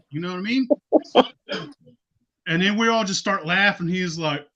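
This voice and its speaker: A man, hosting a podcast and telling loud, profane stories with lots of laughing. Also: on the high side, lively intonation, normal speed, muffled recording. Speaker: podcast host. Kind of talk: casual storytelling.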